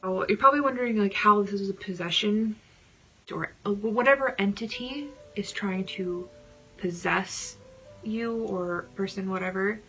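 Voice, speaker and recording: A woman vlogger telling a personal story casually, dramatic and at times dropping into hushed whispers. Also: medium pitch, moderate pace, highs cut off, faint music behind.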